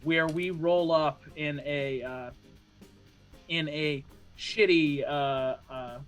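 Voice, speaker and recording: A man improvising a tabletop adventure scene, halting often with fillers. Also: a little high, a bit bright. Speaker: player.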